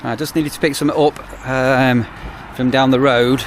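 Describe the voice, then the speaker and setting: A man's voice: mid-range voice, little pitch movement, moderate pace, noisy background. A man, a campsite warden chatting casually in a rambling vlog with wry asides. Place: on the move, outdoors and in a car.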